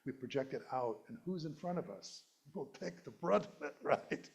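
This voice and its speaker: Laughing at his own jokes, a middle-aged male minister gives a playful, conversational sermon from the church sanctuary. He has a creaky, medium-pitched voice and a measured pace.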